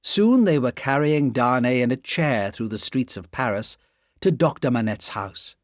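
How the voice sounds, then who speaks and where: A male audiobook narrator reads scripted narration in a measured, expressive way. His pitch is medium, and the clean studio recording has no echo.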